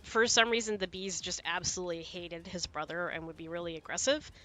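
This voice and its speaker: Chatty lady streamer w a bright sharp voice, just hanging out talking to chat. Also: fairly low pitch, fairly even intonation, fairly quick. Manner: chatty, reads out viewer chat. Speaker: streamer co-hosting. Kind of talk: casual live-stream chat.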